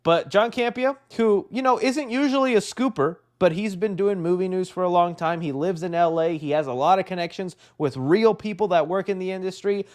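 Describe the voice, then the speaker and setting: A high-pitched young man hosting a casual movie news livestream. He rambles excitedly from thought to thought, tossing in "dude" constantly and laughing at his own asides. His tone stays loose and chatty throughout. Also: fairly quick, few pauses. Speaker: host of a live movie news show.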